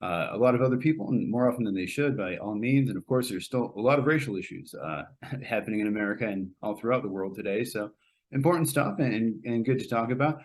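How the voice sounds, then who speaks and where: A man's voice: lowish voice, fast talker. A middle-aged man hosting a podcast, giving a casual, rambling film review full of fillers and restarts.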